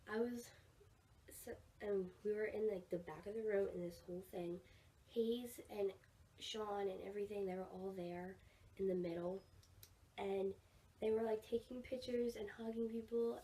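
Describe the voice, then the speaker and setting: Excitable teen girl rambling a story. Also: mid-range voice. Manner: rambling, excited, fillers like "like" and "oh my gosh". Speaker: vlogger. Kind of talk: casual storytime vlog. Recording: somewhat distant mic with faint room noise.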